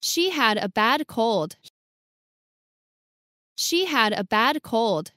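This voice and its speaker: Slow, high-voiced woman reading English drills. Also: very animated, bright, forceful tone, dry recording, clean studio sound. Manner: reads each short sentence twice. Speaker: English lesson reader. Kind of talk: slow, clear sentence reading for repetition.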